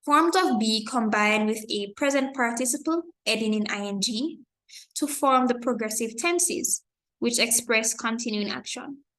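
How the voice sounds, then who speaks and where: A woman teaching an online grammar lesson, explaining slowly and carefully with example sentences and correcting her own slips. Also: on the high side, a bit bright. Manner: corrects herself and apologizes for slips.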